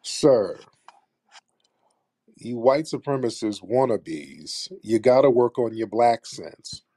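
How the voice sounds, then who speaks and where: A man's voice: mid-range voice, expressive, slow pace, warm tone, dry recording, studio quality. A man hosting a live talk show, speaking bluntly and sarcastically in a streetwise manner. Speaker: host.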